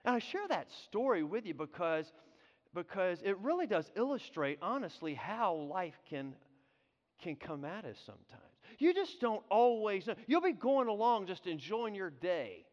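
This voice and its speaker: A man preaching a sermon, telling a story in an animated way, often repeating and restarting his words. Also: high voice, normal speed. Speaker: pastor. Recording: dull sound with long hall reverb.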